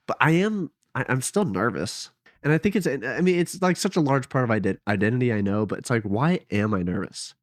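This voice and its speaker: A man's voice: mid-range voice, no echo, clean studio sound. A young man vlogging casually from home on a headset mic, rambling and hesitant, often trailing off and poking fun at himself. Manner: rambling, hesitant, self-deprecating. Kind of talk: casual late-night vlog.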